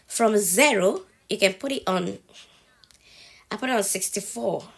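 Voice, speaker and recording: At home and suffering from a cold, a TikTok creator talks viewers through a phone tutorial step by step in a gravelly, husky, mid-range voice at a measured pace. She's chatty and pauses to check in after each step.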